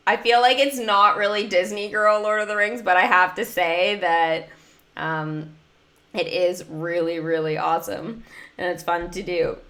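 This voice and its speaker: A woman's voice: medium pitch, a bit bright. A young woman livestreaming a mobile game, chatting in a bubbly, talkative way with many fillers. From United States. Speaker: gaming livestreamer. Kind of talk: casual livestream chat.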